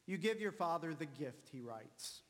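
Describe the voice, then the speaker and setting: Slow-preaching man in a reverberant hall. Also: fairly high pitch, animated, fairly bright tone. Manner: slow, deliberate preaching with emphatic repetitions. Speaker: pastor. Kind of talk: sermon.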